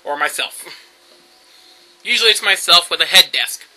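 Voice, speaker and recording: A man talks straight to the camera in a loose vlog monologue, wandering from one story to the next with plenty of ums and uhs. His voice sits high and sounds very bright. His pitch swings widely as he goes. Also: expressive, normal speed, faint music behind, low-quality recording. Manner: rambling storytelling with fillers and laughs. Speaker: YouTube vlogger.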